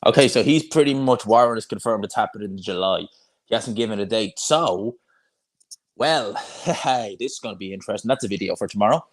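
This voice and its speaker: A man's voice: on the low side, animated, fairly quick. Chatty man on a live stream. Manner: chatty, rambling, frequent restarts and fillers. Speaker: boxing YouTuber hosting a live watch-along. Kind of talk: casual live-stream chat reading viewer comments.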